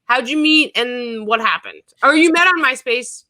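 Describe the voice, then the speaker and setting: A woman's voice: high-pitched, expressive, moderate pace, pushed and bright, poor audio. A woman hosting a casual interview, asking direct, prompting questions. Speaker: podcast host.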